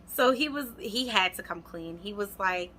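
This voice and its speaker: A woman's voice: medium pitch, expressive, moderate pace, bright, forceful tone, a little hiss or hum. A young adult woman, animatedly telling a storytime vlog and speaking straight to her viewers. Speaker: vlogger. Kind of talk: storytime vlog, casual chat.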